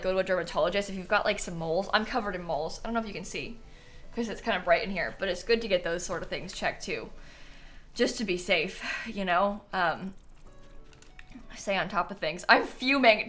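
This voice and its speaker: A young woman chatting casually on a live stream, excitable and quick to laugh and squeal as she plays and thanks donors. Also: mid-range voice.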